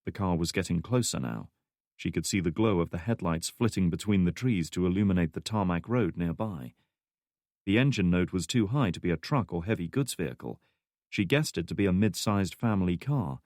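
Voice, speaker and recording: A man narrating a thriller audiobook in a steady, measured way. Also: low-pitched, dry recording, studio quality. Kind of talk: scripted narration.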